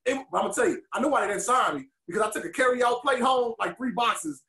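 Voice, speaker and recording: High-voiced man telling animated stories. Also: fast talker, roomy sound. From Detroit, USA. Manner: animated, emotional storyteller. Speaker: podcast co-host and former pro wrestler. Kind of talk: candid storytelling interview.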